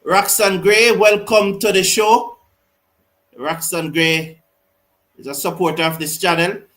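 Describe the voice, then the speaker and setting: Excitable man with a high voice. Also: a little slow, rough recording. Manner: excitable, reads viewer comments aloud. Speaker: host of a cricket watch-along. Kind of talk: live cricket commentary and chat.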